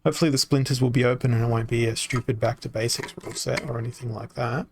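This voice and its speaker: A man streaming a card game, thinking aloud in a halting, self-mocking way, his voice tired and worn from talking. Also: medium pitch, fairly even intonation, creaky, noisy background. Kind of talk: casual live-stream commentary.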